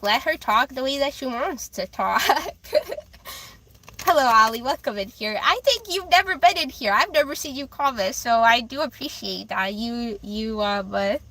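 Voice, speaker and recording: Young woman on a tarot livestream, high babyish voice, bright and chatty, reading chat and giggling. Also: slight background noise. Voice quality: high childlike voice.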